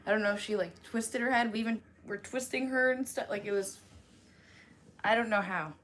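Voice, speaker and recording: A woman's voice: fairly high pitch, brisk, a bit bright. A young woman chatting casually to her live chat, rambling with lots of fillers, laughing often and swearing freely. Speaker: livestream host.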